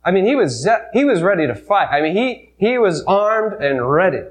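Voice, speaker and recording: Dramatic male preacher, high-pitched. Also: sing-song, moderate pace, rough recording. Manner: dramatic retelling, swinging from loud emphasis to hushed. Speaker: pastor. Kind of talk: sermon.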